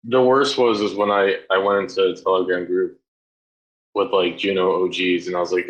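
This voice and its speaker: A man with a very deep voice who jokes in a dry, wry way during a casual online chat. His audio sounds dull and lo-fi. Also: moderate pace, a bit bright.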